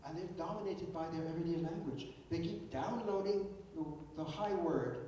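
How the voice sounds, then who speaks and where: A man's voice: normal speed, dark tone. An older man gives an emphatic philosophical keynote lecture, often repeating words as he restarts a thought. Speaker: keynote speaker. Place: lecture hall. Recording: echoey hall, distant mic, faint rumble.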